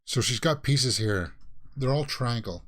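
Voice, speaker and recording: A man with a Canadian accent giving casual reaction commentary, thinking aloud and often pausing to search for words. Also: medium pitch, expressive, fairly bright tone. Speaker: reaction video host.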